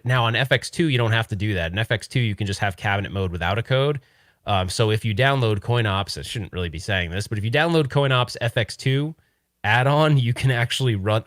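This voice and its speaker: A man's voice: on the low side, no echo, studio quality. A man co-hosting a casual livestream about retro arcade gear, rambling with lots of restarts and laughs.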